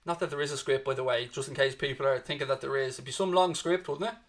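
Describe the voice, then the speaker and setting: A man with a Dublin Irish accent hosting a fan watchalong, giving animated live match commentary and chatting with viewers, swearing freely and urging positivity. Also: mid-range voice, fast. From Ireland.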